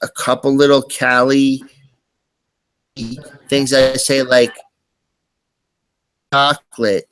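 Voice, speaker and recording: A man's voice: medium pitch, monotone, slow pace, pauses often, smooth, no echo. A man hosting a live stream, chatting casually and rambling with lots of fillers and restarts. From US East Coast. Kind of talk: casual chat.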